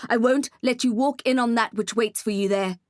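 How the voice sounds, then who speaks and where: A woman's voice: a little high, moderate pace, darkish tone, no echo, studio quality, close to an everyday voice. A woman reading an audiobook, voicing a stubborn, protective young male vampire who pleads with earnest firmness. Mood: firm. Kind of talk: audiobook character voice.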